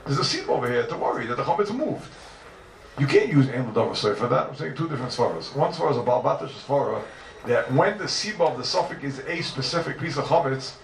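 A man teaching a Talmud class in a lively lecture style, repeating questions and mixing in Hebrew and Aramaic terms. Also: medium pitch, gravelly, a little hiss or hum. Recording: echoey room, mic from far off.

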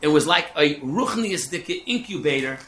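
Man, Torah lecture, bright forceful voice, echoey room. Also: a little high, normal speed. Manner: animated storytelling peppered with Yiddish. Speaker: yeshiva lecturer. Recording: echoey room with faint ambience.

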